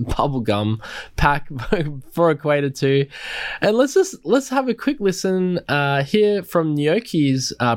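A man's voice: on the high side, smooth, dry recording, studio quality. A man hosting a casual podcast in an upbeat, enthusiastic way. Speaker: podcast host.

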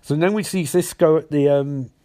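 A man hosting a podcast, retelling a TV episode in a rambling, excitable way. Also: on the high side, moderate pace. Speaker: podcast host. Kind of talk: casual episode recap.

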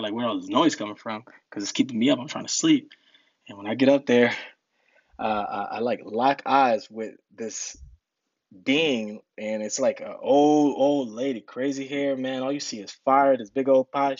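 A man's voice: mid-range voice, dry recording. Young man, laid-back storyteller, laughs a lot, dull dry recording. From New Jersey. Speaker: podcast guest. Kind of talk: casual storytelling.

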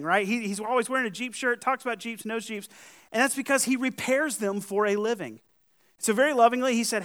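A man's voice: sits high, a bit bright. A man with a Southern US accent preaching a sermon to his congregation, conversational and full of questions to his listeners. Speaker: pastor. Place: church hall.

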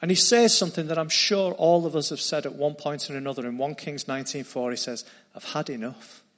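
A man preaching a sermon, retelling a story earnestly and dropping into quieter tones. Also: fairly high pitch, fairly even intonation, fast talker.

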